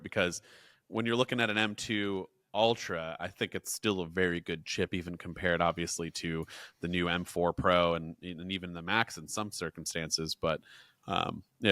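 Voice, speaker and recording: A man co-hosting a tech podcast, talking in a chatty, animated way with frequent restarts. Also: sits low, no echo, studio quality. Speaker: podcast co-host. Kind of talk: casual tech chat.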